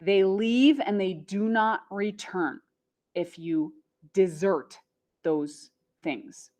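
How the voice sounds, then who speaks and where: A woman teaching an English lesson, repeating words slowly and stressing syllables clearly. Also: medium pitch, darkish tone. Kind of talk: slow, carefully enunciated English lesson.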